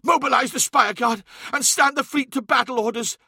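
A man voicing a young warrior telepath, raised high and strained, crying out in anguish and barking urgent military orders in a fantasy audiobook. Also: moderate pace, gravelly, breathy edge, dry recording, clean studio sound, exaggerated voice. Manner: anguished shouting, urgent commands. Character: young male warrior telepath, desperate and shocked.

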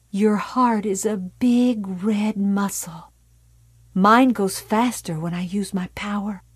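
A woman voicing a wounded young woman with strange powers, speaking in a slow, cold, soft whisper. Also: medium pitch, husky, no echo.

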